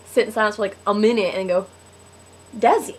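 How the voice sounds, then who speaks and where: A woman's voice: medium pitch, fairly even intonation, rapid-fire, slight background noise. A teenage girl telling a personal story to camera in a casual, giggly way, full of "like". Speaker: vlogger.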